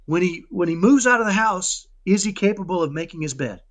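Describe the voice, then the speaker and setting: A man talking casually in an interview about raising his son, animated and often checking in with "right?". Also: high-pitched, fairly quick. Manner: animated, keeps asking "right?"; acts out dialogues with his son. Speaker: parenting guest.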